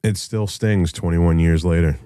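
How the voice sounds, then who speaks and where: Middle-aged man, very deep and dark voice, dry sound, blunt and profane solo talk. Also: fairly even intonation, a little slow, clear, resonant tone, no echo. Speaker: show host and rock musician. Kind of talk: casual solo monologue.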